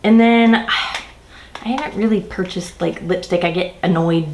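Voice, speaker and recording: A woman's voice: fairly low pitch, measured pace, a little mellow, reverberant, poor audio. A woman makeup vlogger chatting casually while doing her makeup, ranting in an exasperated way and swearing casually.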